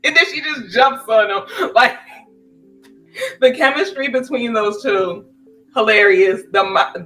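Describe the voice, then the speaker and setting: A woman co-hosting a casual chat, telling stories in an animated way and laughing often. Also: mid-range voice, recorded from a distance. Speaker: podcast co-host. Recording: roomy, from the mic, faint music.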